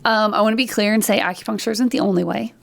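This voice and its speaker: Woman guest on a podcast, lively storyteller, bit of vocal fry. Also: mid-range voice, fast. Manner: lively storytelling, acts out quoted dialogue. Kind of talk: casual interview chat.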